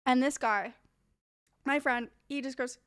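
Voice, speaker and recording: A woman's voice: sits high, fairly even intonation, a little slow, a bit bright, smooth, no room sound, clean studio sound. A young woman streamer telling a casual, rambling story full of fillers and swearing.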